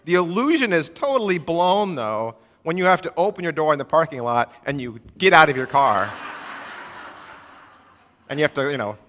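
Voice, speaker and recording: A man's voice: fairly high pitch, sing-song, moderate pace, fairly bright tone. A man preaching a sermon as pastor in a church, conversational and humorous, acting out little everyday exchanges. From moved to Texas from elsewhere. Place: church sanctuary. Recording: long church hall reverb.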